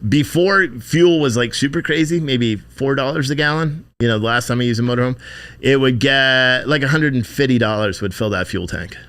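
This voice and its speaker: Male streamer, bright forceful voice, loose profane chat with viewers, rambling and offhand. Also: medium pitch, moderate pace, clear, resonant tone. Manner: profane, rambling, thanks donors by name. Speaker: livestream host.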